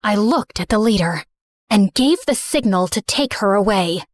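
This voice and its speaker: A woman's voice: mid-range voice, expressive, normal speed, no room sound, clean studio sound. A young woman narrating a dramatic story in the first person, earnest and emotional.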